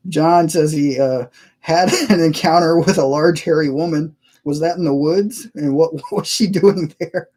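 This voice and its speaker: A man's voice: fairly high pitch, a little slow, darkish tone. A man hosting a casual live stream from his computer, rambling and chuckling as he reads viewers' messages aloud. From United States. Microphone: cheap webcam mic.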